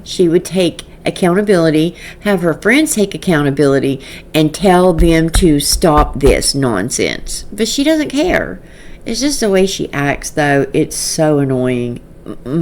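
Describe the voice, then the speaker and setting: A woman's voice: low-pitched, very animated, a little slow, a little mellow, slight background noise. A woman commenting on online drama in a casual vlog, sarcastic and exasperated, often laughing.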